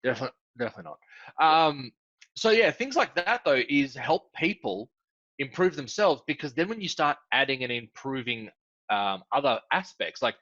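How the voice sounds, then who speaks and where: A man talks as a guest in a casual interview, his voice bright and forceful, often leaping upward for emphasis and sprinkling in ums. The sound is dry and close but dull and lo-fi, like a video call. He speaks at a middle pitch for a man. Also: normal speed, no room sound. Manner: animated, jumps up in pitch for emphasis, frequent ums. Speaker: guest consultant.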